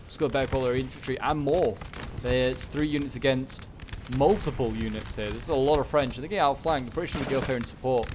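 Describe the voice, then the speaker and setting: A man giving casual, rambling commentary on a strategy game battle, excitable and talking back to the units on screen. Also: mid-range voice, fast, background noise. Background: gunfire and battle sounds.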